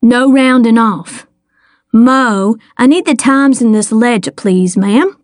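A woman voicing a stubborn young racing driver who speaks calmly and gives orders. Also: fairly high pitch, takes it slowly, dry recording, clean studio sound.

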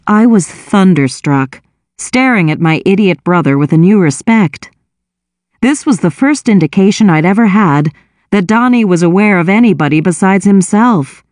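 A woman reading a first-person novel aloud with wry, expressive storytelling. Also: medium pitch, moderate pace, no echo, clean studio sound. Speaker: audiobook narrator.

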